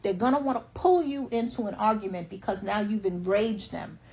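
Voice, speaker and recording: A woman's voice: medium pitch, a little fast, creaky, darkish tone, poor audio. A woman life coach giving motivational advice in a firm, emphatic way, often repeating her instructions.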